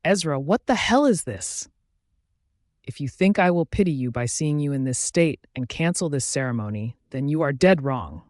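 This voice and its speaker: A man voicing a proud young werewolf king who commands and shouts in anger. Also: on the high side, expressive, normal speed, no echo, clean studio sound, lightly acted. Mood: furious.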